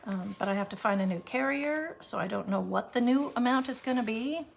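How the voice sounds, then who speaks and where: A woman counts bills out loud for her budgeting vlog, her voice slipping into gravelly fry as she goes. She murmurs numbers softly and adds self-deprecating comments, over a faint hiss of background noise. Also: on the high side, brisk. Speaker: budgeting vlogger. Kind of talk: casual cash-stuffing vlog.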